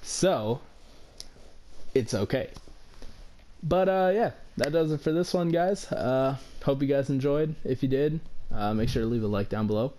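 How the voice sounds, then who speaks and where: Young adult man, casual vlog storytelling, loose and rambling, mid-pitched voice. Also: a little slow, pauses often, mellow, a little hiss or hum. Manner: rambling, heavy use of "like", swears casually. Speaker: vlogger.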